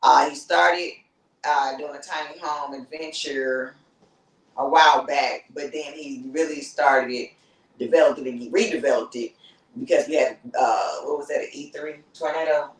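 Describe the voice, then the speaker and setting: A woman's voice: low-pitched, normal speed. Brief: female guest, easygoing and rambly, heard from a distance in an echoey room. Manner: relaxed, rambling, many fillers. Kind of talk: casual chat. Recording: roomy, off-mic distance.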